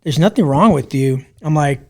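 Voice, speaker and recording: A man in his thirties, a podcast guest telling a story casually, profane and animated. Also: fairly high pitch, moderate pace.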